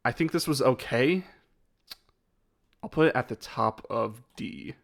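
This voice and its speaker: A man's voice: medium pitch, lively intonation, a little slow, vocal fry. A man chatting casually on a live stream as he ranks his own videos, rambling and hesitant and often laughing.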